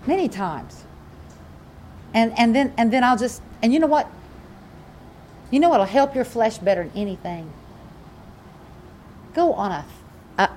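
A woman preaching a sermon in an animated, emphatic way, often repeating her phrases. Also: fairly high pitch, slight background noise.

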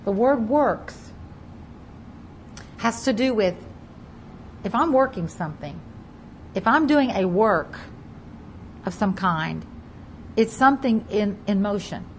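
A woman delivers a Bible teaching sermon in a mid-range voice, leaning hard on key words and repeating them. She swings between loud, pressing emphasis and soft, lowered phrases as she reads scripture aloud. Faint ambience sits behind her. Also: lively intonation, measured pace, pauses often, slight background noise, low-quality recording. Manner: reads scripture aloud in King James wording. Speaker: preacher.

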